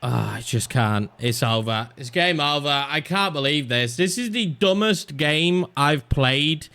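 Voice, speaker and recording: A young man giving live commentary over a football video game, exasperated and swinging between loud outbursts and low muttering. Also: animated, unhurried, smooth. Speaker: gaming YouTuber.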